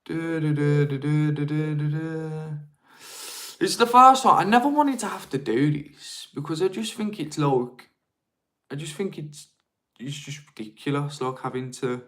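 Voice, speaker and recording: A man's voice: on the high side, lively intonation, normal speed, bright, forceful tone. Chatty man hosting a live stream. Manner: chatty and informal, slangy asides to viewers. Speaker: live-stream host on marketing. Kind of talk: casual live-stream talk, reading viewer chat.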